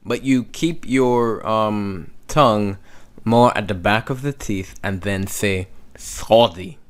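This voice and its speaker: A man teaching beginners, explaining letter sounds slowly and checking in with "okay?" after each one. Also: fairly low pitch, a bit bright. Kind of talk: slow classroom explanation.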